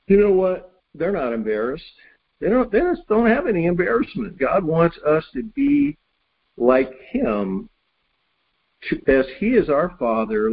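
A man's voice: fairly high pitch, slightly rough, phone-quality sound. A man preaching a sermon, telling a story and reading scripture to his congregation.

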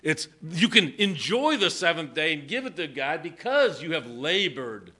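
Lively, bright-voiced man preaching. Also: on the high side, moderate pace, slightly rough. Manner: lively, joking preacher reading verses. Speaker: pastor. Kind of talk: sermon.

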